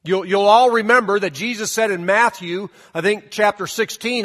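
High-voiced pastor in a reverberant church. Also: male voice, moderate pace, a bit bright. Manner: conversational storytelling with asides. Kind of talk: sermon with scripture reading. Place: church sanctuary.

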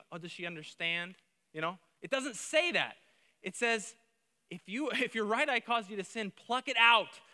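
A man preaching with a high, very bright and ringing voice. He drives his points hard, dropping to near-hushed lines and then rising to loud, urgent calls. The sound carries a long reverb from a large church hall. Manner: emphatic preaching, swings from quiet to loud. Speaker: pastor. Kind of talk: sermon.

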